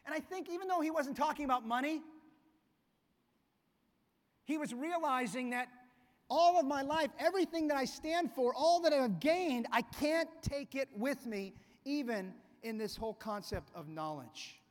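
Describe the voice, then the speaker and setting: A man's voice: very high-pitched, moderate pace. A man pastor giving a conversational, storytelling sermon in a church sanctuary. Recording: long reverb of a church hall.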